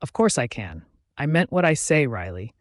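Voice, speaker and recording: A man's voice: medium pitch, sing-song, normal speed, no echo, natural voice. A man voicing an earnest young woman, a new bride who talks in a pleading, soothing way in an audiobook.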